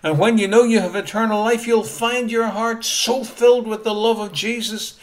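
A man preaching a sermon emphatically, repeating key phrases and swinging between loud rises and quiet drops. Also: high-pitched, steady tone, moderate pace.

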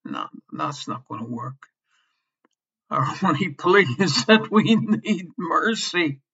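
Male preacher, fairly high and bright voice, slow and impassioned, repeats phrases, lo-fi sermon recording. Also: slightly rough. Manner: impassioned, swinging between loud emphasis and soft near-whispers; repeats key phrases for emphasis. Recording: slightly dull lo-fi sermon recording.

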